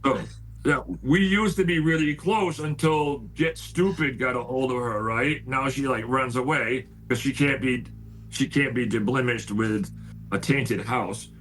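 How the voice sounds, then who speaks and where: A man's voice: medium pitch, fairly even intonation, unhurried, fairly bright tone, slight background noise, poor audio. A man telling a heated story on a video call. He talks casually, stacks up "I said" over and over, and swears when he gets worked up. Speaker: paranormal house owner telling a story.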